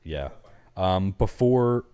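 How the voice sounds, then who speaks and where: A man's voice: deep voice, lively intonation, slow pace, mellow, smooth, no room sound. A man co-hosting a podcast, retelling a movie plot in loose, profane casual chat and acting out the characters' lines. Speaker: podcast co-host.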